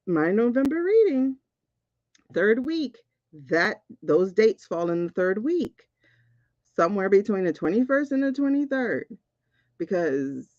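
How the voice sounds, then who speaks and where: Woman, spiritual reader, excitable, casual livestream, dry close sound. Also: mid-range voice, dry recording, lo-fi sound. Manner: excitable, keeps repeating "hold on". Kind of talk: casual livestream card reading.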